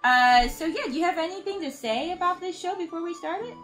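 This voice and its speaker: A woman's voice: extremely high pitch, expressive, a little fast, fairly bright tone, soft background music, rough recording. A woman hosting a casual chat, chatty and often laughing. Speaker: host.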